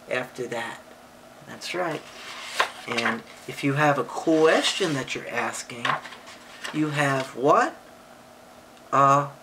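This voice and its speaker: A woman reading a picture book aloud to a child and explaining punctuation, patient and affectionate, with sudden high excited voices for exclamations. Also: noisy background. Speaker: parent or relative reading to a child.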